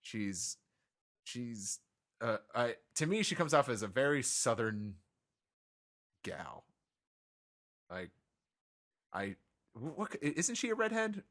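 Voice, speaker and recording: A man's voice: mid-range voice, big pitch swings, slow, long pauses, fairly bright tone. A man hosting a podcast, chatting casually and reading listener mail with many fillers and restarts.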